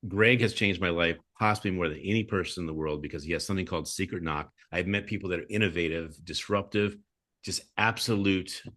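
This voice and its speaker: Male host, very low voice, rapid, enthusiastic intros, video call. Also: a bit bright. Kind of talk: casual video call chat.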